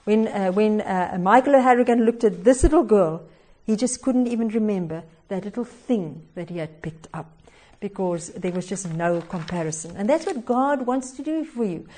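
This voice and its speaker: A woman's voice: mid-range voice, expressive, moderate pace, warm tone. A woman preaching a devotional sermon, telling a story expressively with little chuckles and hesitations.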